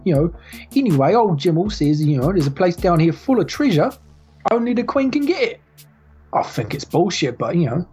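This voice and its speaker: A woman's voice: fairly low pitch, dark tone, voice pushed up. A woman doing a chatty, superstitious guard. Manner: slangy, rambling gossip.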